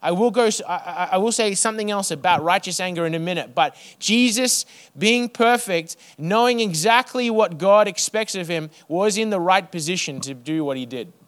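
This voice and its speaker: Guy preaching to his church, pretty high voice, rhythmic lists that go quiet and soft. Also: normal speed, few pauses. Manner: repetitive, rhythmic preaching that drops to a soft hush. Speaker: pastor. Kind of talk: sermon.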